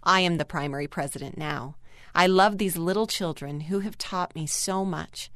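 Calm, low-voiced woman reading a story. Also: normal speed, no room sound, studio quality. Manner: calm, earnest storytelling read. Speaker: narrator reading a first-person magazine article. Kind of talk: scripted narration.

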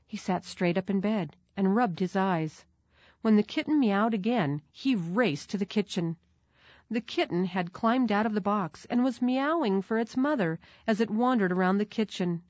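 A woman narrating a children's storybook in a measured, clear manner. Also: mid-range voice, no room sound. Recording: dull, dry recording.

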